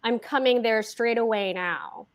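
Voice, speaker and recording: A woman's voice: fairly high pitch, a little slow. A woman reading aloud, voicing a tired, bitter housewife who curses back.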